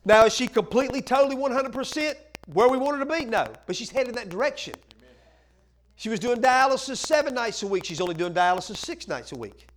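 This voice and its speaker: High-voiced man preaching with fervor. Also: rough recording. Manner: impassioned, emphatic repetition. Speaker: pastor. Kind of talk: sermon. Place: church.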